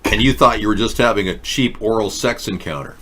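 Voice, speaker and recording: A man's voice: lowish voice, brisk, background noise. A man hosting a casual talk show, mocking and sarcastic, switching between joking rants and mumbled reading aloud. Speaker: host. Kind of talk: casual comedic commentary.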